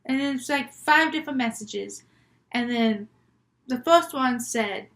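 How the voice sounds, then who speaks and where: A woman's voice: sits high, a little slow, a bit bright. A young woman vlogger telling made-up scary stories in a chatty, rambling, giggly way. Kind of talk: casual storytelling vlog.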